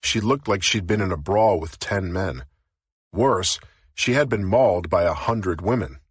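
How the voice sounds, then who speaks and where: Deep, husky male audiobook narrator. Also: unhurried, no echo, clean studio sound. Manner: steady, even reading.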